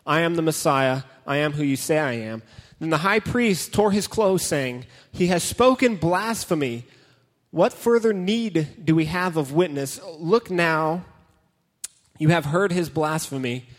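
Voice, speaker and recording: Youth preacher man, fairly high voice, playful and dramatic, reverberant hall sound. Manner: joking, dramatic storytelling, reads scripture aloud. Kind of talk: casual sermon with Bible reading.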